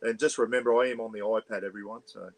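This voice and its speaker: Speaking quickly with fairly even intonation, an Australian man rambles through an offhand livestream chat on an iPad inside a small caravan. He greets viewers by name, reads their comments, and keeps his voice a bit low for the neighbours, all on a low-quality recording.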